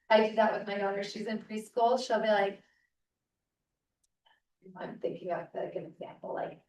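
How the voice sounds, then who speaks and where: A woman leads a parenting seminar in a relaxed, chatty way, often tagging her points with a quick check-in. Her voice sits in a medium range. It carries through a reverberant room to a mic some distance away. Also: mid-range voice. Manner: casual, checks in with frequent "right?". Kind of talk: conversational teaching talk.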